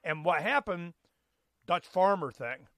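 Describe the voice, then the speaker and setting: A man's voice: sits high, lively intonation, measured pace, a bit bright, no room sound. A man hosting a talk show, chatting in a loose, folksy way with lots of fillers and restarts. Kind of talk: casual rambling chat.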